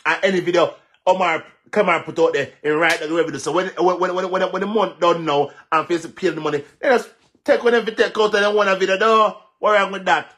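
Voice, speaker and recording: This vlogger speaks in a high, slightly bright voice, moving quickly with fairly even intonation. He's a Jamaican-accented social media commentator giving heated takes, switching between patois and English and hammering points home through repetition.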